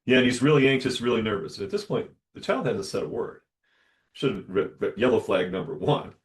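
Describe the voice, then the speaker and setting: A man, a dentist hosting a podcast, telling a story alone and acting out the dialogue with lively shifts of voice. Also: mid-range voice, fairly quick, slight background noise. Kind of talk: solo storytelling monologue.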